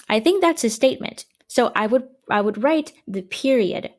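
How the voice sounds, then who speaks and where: A woman's voice: fairly high pitch, animated. Patient woman teaching a grammar lesson. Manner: patient, explains slowly with rhetorical questions. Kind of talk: recorded online grammar lesson for children.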